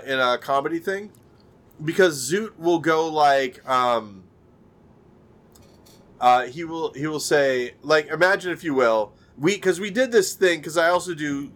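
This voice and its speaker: A male podcast co-host with a fairly high voice, chatting casually. He rambles and restarts often, filling gaps with ums and uhs. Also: a bit bright. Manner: rambling with many fillers and restarts. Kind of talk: casual chat. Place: remote video call.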